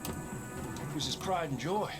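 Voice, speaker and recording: An actor playing a desperate rural family man and pilot in a video game, excitable and swearing. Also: on the high side, slow pace, loud music behind the voice. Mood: excited.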